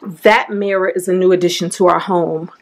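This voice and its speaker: A woman's voice: on the low side, fairly even intonation, moderate pace. A woman in her thirties filming a casual home vlog, talking straight to her viewers and calling them "y'all" as she walks from room to room. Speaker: vlogger. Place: inside a home, walking between rooms.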